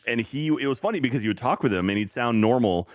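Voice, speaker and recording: A man guesting on a casual podcast, telling anecdotes in a quick, lively way and slipping into animated quoted voices. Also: medium pitch, no echo. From United States.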